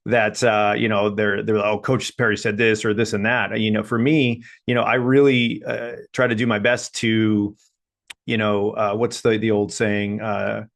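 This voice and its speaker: A man co-hosting a coaching podcast, speaking thoughtfully and casually. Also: on the low side. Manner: thoughtful, many fillers and restarts.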